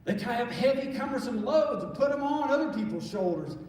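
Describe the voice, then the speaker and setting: Captured from far off in the echoey sanctuary of a church, a man preaches as pastor in an earnest, conversational way, often starting sentences over. His voice is very high-pitched and animated, slightly fast and a little mellow.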